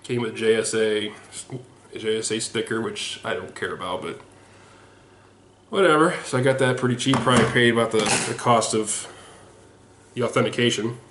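A man casually chatting about his collection on a home video, rambling with lots of ums and restarts, sweaty and a bit hoarse in the throat. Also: lowish voice, steady tone, normal speed, pauses often. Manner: rambling and self-deprecating, with frequent ums and restarts. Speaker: sports autograph collector showing his mail returns. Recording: echoey room with faint noise.

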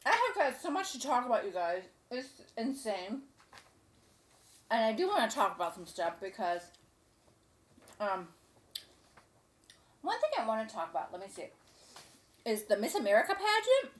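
A woman's voice: fairly high pitch, sing-song, normal speed, pauses often. A woman hosting a casual cooking show, chatting to camera in a gushing, rambling way.

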